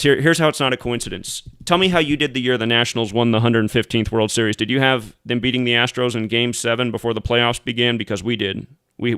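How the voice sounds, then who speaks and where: A man's voice: medium pitch, fairly bright tone, clean tone, no echo. A man hosting his own show, delivering an angry, profane commentary monologue full of mocking outbursts. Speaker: host.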